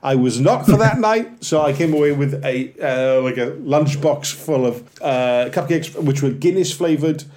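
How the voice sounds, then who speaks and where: A Welsh comedian around forty talks casually on a podcast, his voice sitting at an ordinary middle pitch. He tells animated, self-deprecating stories and slips into little acted-out bits as he goes. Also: measured pace, few pauses. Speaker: comedian guest.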